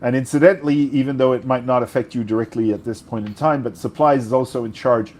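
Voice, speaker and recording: Casting: male game master, French native speaker, mid-pitched, loose explanatory narration. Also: fairly even intonation, fast talker, darkish tone. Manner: rambling, self-correcting explanations.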